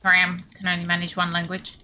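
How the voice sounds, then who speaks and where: A young Australian woman chatting casually with her viewers while streaming a game, self-deprecating and quick to laugh. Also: on the low side, monotone, bright, forceful tone. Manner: chatty, self-deprecating, laughs often, reads chat aloud. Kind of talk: casual gaming stream chat.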